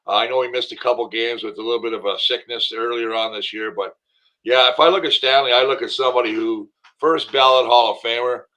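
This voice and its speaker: A man's voice: medium pitch, steady tone, brisk, pushed and bright, rough recording. A man talking football as a guest on a sports talk show, emphatic and enthusiastic, rambling with fillers. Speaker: guest, former football player and commentator.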